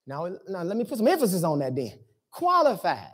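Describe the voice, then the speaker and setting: A man's voice: high voice, sing-song, fast, mellow, slightly rough. A man pastor from the preaching a sermon in church, in a talky, colloquial way full of rhetorical questions. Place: church sanctuary.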